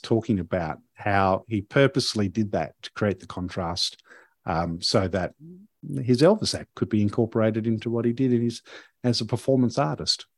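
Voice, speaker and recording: A man's voice: on the low side, no echo. Guy rambling through a story on a podcast, dry close sound, lots of um and you know. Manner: rambling, with many fillers and restarts. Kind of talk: casual storytelling chat.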